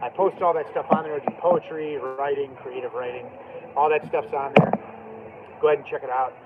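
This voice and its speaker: Man, mid-pitched, loose chatty live-stream vlogger on a street; thin lo-fi phone audio. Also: fairly even intonation, brisk. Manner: loose, chatty, full of "like" and "dude". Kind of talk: casual rambling live stream. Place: outdoors on a downtown street, band playing nearby. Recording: tinny phone-line sound with loud street noise.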